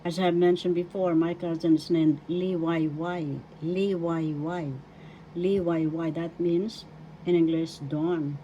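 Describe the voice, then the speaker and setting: Slow, mellow Filipino woman teacher. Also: deep voice, highs cut off, a little hiss or hum. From Philippines. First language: Tagalog. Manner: slow, careful, repeats words for pronunciation drills. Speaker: language teacher. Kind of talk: slow spoken language lesson.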